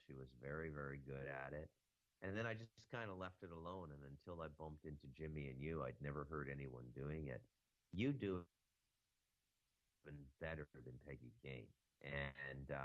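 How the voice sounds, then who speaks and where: A man with an extremely deep voice rambles through a casual podcast chat, stopping and restarting his thoughts. The sound is dry and close, with a dull, muffled quality. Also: moderate pace, no room sound. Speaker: podcast guest. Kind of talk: casual conspiracy talk.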